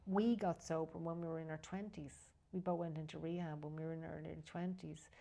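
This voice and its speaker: A woman's voice: low voice, steady tone, fairly quick, gravelly, warm tone. A woman speaking as a guest in a candid conversation, emotional and frank, sometimes dropping almost to a whisper. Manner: emotional, heartfelt, drops to a near whisper at times; frank, occasionally swears.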